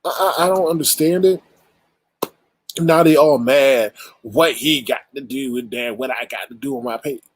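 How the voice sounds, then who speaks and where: Husky-voiced man ranting bluntly. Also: medium pitch, moderate pace, no echo, low-quality recording. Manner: blunt, exasperated, rhetorical, profane. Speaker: commentary channel host. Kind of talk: casual ranting commentary.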